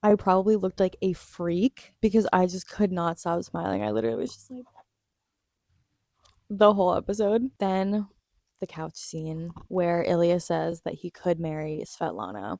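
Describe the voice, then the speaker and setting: A young woman vlogger recapping a TV episode in gushing, excited casual chat, laughing often and swearing casually. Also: lowish voice, vocal fry, dry recording, clean studio sound.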